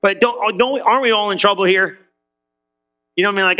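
A middle-aged man preaching a sermon as pastor, conversational and animated, acting out quotes in little voices. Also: high voice, fast talker.

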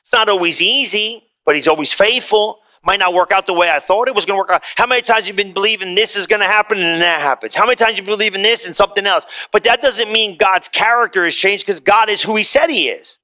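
Man, pastor, sermon, conversational, high voice, bright tone. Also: quick pace, few pauses. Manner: conversational preaching, swings between loud quoting and soft asides. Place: church in front of a congregation.

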